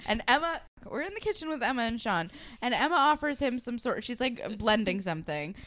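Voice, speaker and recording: Blunt, wry woman co-host, fairly high voice swinging widely, casual swearing. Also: big pitch swings, brisk, fairly bright tone. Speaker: podcast co-host. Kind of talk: casual chat recapping a TV episode.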